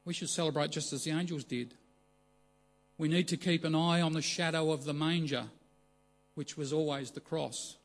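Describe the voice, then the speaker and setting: A man preaching a measured, earnest sermon, slowing down for emphasis. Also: a little high, steady tone.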